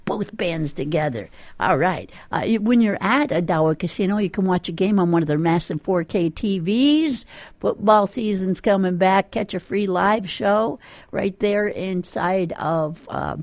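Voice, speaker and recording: A woman's voice: medium pitch, lively intonation, measured pace, darkish tone, dry recording. A woman working as a rock radio DJ, chatting through weather and ads with lots of fillers. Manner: chatty, rambling, with many fillers. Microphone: studio microphone.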